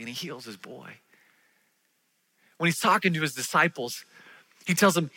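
A man preaching a sermon, telling stories with animated delivery and acting out the voices of the people in them. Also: fairly high pitch, moderate pace, pauses often, husky. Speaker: pastor.

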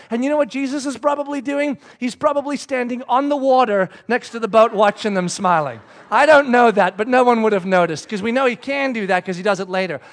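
A man preaching a sermon, telling the story with lively acted-out voices. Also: extremely high pitch. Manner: animated storytelling, acts out the characters' voices. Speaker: pastor.

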